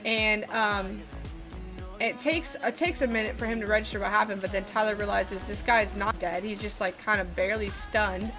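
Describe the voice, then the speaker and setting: A woman's voice: mid-range voice, fairly even intonation, moderate pace. A woman streamer telling a story in a rambling, casual way while she plays a game, swearing often. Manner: rambling, lots of fillers and swearing. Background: music.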